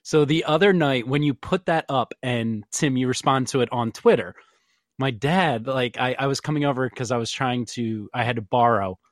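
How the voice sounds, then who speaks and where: A man's voice: mid-range voice, normal speed, no room sound, studio quality. A man guesting on a podcast who tells rambling, self-deprecating stories. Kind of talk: casual podcast chat.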